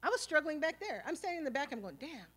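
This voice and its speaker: A woman, telling stories on stage at a live event. Her voice sits a little high. She talks in a casual, streetwise way, swearing freely and filling her talk with "you know" and "like". She slips into the voices of the people in her old arguments. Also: racing. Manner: animated, acting out past arguments. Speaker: speaker. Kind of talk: storytelling talk at a symposium.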